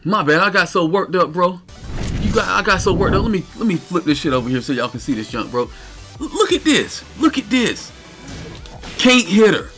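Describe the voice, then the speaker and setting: A man's voice: high-pitched, moderate pace, faint music behind. A man streaming live, ranting in exasperated detail about a fighting game character. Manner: animated, incredulous, cursing.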